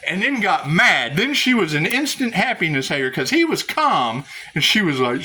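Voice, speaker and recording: A man's voice: sits high, sing-song, normal speed, hardly any pauses, sharp tone. A man rambling to his viewers in a spiritual vlog, sarcastic, swearing and laughing often. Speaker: spiritual vlogger.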